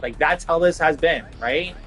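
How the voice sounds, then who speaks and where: A man's voice: a little high, normal speed, a bit bright, husky, faint music behind. A young man ranting casually about losing his job, frustrated and sweary, filling his talk with "like". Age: young adult. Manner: frustrated, swearing, heavy "like" fillers. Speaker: vlogger. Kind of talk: casual rant to camera.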